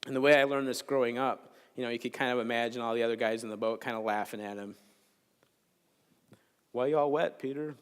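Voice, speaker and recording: A man's voice: mid-range voice, flat delivery, rapid-fire, hardly any pauses, a bit bright, clean tone. Joking man preaching in an echoing chapel. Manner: conversational, joking storyteller. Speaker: chapel speaker. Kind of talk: sermon. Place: large chapel. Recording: long hall reverb in a chapel.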